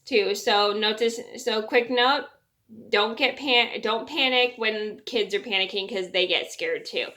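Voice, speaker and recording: Bright-voiced young woman telling a story. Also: mid-range voice, a little slow. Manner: rambling, repeats words and restarts sentences. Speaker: vlogger. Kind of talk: casual storytelling to camera.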